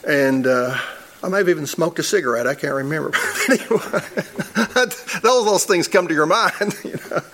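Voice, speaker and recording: Man preaching, kinda high voice, chatty storytelling sermon, chuckles a lot. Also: animated, moderate pace, fairly bright tone. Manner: conversational storytelling, chuckles at his own stories. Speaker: church elder.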